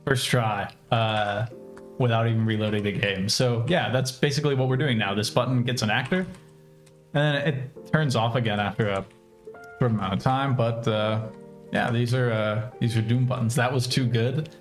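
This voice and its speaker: A man's voice: mid-range voice, normal speed, faint music behind. A young American man casually thinking aloud while programming on a livestream, with many fillers. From United States. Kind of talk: casual live coding commentary.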